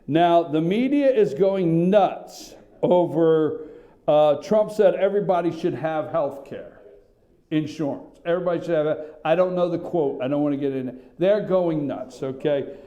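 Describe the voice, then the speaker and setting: A man with a high voice and a mellow, warm tone runs a political talk radio monologue from a small studio. He rambles and gets worked up, drifting off on tangents with a sarcastic edge. He talks straight into a studio microphone. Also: a little slow, highs cut off.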